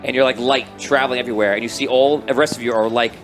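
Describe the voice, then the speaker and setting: A man running a tabletop game, describing the scene in a rambling, excited way with many restarts. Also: medium pitch, quick pace, soft background music. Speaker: game master.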